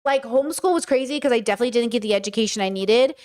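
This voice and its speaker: A woman hosting a casual livestream, talking to her chat in a blunt, animated way and swearing freely. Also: on the high side, very fast. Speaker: streamer host.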